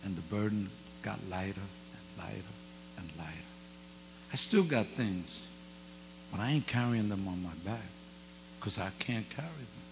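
A man's voice: fairly low pitch, animated, unhurried, long pauses. Joking folksy preacher man in a reverberant church. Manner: folksy, joking, casual grammar. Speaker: guest pastor. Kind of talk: informal sermon with humorous stories. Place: church hall. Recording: long hall reverb with faint mains hum.

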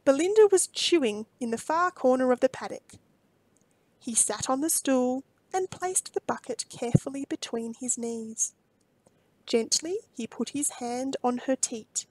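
Woman storytime host, high and unhurried, expressive picture-book reading, dry close sound. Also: no echo. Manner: expressive storytelling, crooning character lines.

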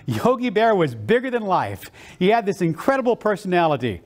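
Animated high-voiced motivational speaker. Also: male voice, a little fast, few pauses. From South Texas. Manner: animated and enthusiastic storyteller. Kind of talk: motivational storytelling speech.

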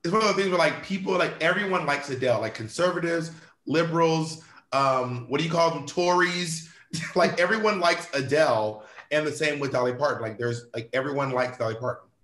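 A man chats as an interview guest, playful and quick to swear. His voice sits a little high. The room around him rings with a noticeable echo. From United States. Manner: lively, playful, swears freely, mimics posh voices. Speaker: interview guest, drag performer. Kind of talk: casual chat.

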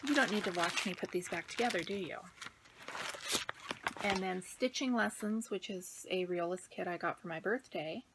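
A woman's voice: lowish voice, normal speed, a bit bright, slight background noise. A middle-aged woman vlogging casually from home about her stitching projects, out of breath, rambling and sometimes dropping to a near-whisper. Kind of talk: casual chat.

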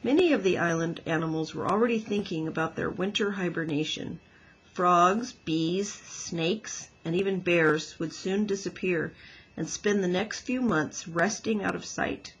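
A woman teacher reading a children's book aloud with gentle, expressive storytelling. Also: lowish voice, a little slow, slightly rough, rough recording.

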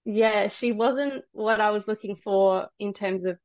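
A woman guest on a podcast telling her story in casual chat, soft and hesitant with many ums. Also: medium pitch, measured pace, no room sound. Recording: dry, dull lo-fi sound.

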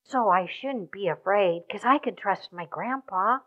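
A woman's voice: medium pitch, unhurried, muffled recording, voice pushed down, close to an everyday voice. A woman voicing a tired young boy who talks himself into feeling safe. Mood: trusting. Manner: eager then calming himself. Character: young boy, tired, trusting his grandpa.

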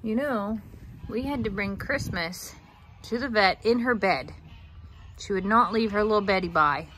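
A woman, talking in soft, cooing baby talk to her pet in a casual vlog. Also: mid-range voice, measured pace, a little hiss or hum, rough recording. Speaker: vlogger, pet owner. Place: outdoors on a farm. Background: faint farm ambience, geese and rain.

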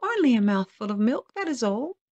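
Storybook hobgoblin, tiny and green, chanting high and thin, read by a woman. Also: big pitch swings, fairly quick, a little mellow, muffled recording. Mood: pleading.

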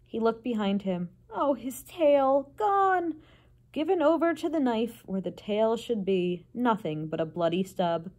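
Lady librarian doing a storybook read-aloud, mellow voice, dramatic and expressive. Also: medium pitch, moderate pace, few pauses. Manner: expressive, dramatic reading to children. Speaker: children's librarian.

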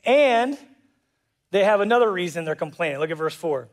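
A man preaching a sermon as pastor, animated and jokey, acting out voices in quotes. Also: high voice, moderate pace. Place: church auditorium.

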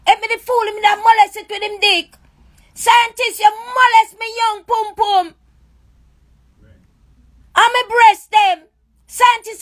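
A woman's voice: extremely high pitch, fairly bright tone. A woman with a Jamaican accent, ranting on a live stream in a raw, accusing, repetitive way. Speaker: livestreamer. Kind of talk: emotional live-stream rant.

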